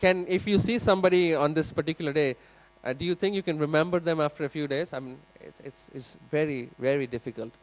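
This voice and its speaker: A man's voice: a little high, quick pace, few pauses. A man giving a scripture class in a temple hall, telling a story animatedly and speaking directly to his audience. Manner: animated, acts out the characters. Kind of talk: sermon storytelling.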